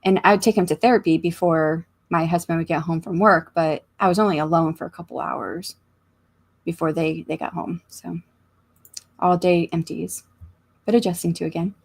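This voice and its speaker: A woman with a slightly low voice and an American accent hosts a relaxed livestream from her home. She talks in a rambling, thinking-out-loud way, full of fillers, and reads her viewers' comments as she goes. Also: moderate pace, creaky. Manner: chatty, rambling, thinks aloud, many fillers. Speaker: author livestream host. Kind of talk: casual livestream chat, reading comments aloud. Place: home room.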